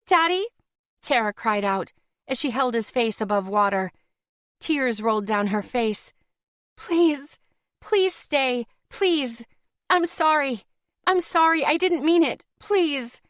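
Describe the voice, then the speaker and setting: A woman's voice: medium pitch, fairly even intonation, unhurried, fairly bright tone, no echo, studio quality, lightly acted. A woman narrator voicing a frightened young woman who cries and pleads through tears in an audiobook. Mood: tearful pleading. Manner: desperate, pleading. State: crying.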